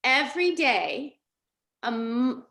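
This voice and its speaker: A middle-aged woman leading a live coaching session over a video call, energetic and checking in with her listeners again and again. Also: high voice, takes it slowly. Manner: energetic, checks in often with "okay?" and "right?". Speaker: life coach.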